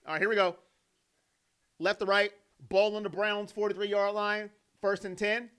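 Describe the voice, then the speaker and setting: A young man calling football play-by-play as a fan, animated and jokey, breaking into reactions and playful impressions of players. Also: high-pitched, moderate pace, smooth. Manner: animated, jokey, mimics players in quoted voices. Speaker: fan commentator.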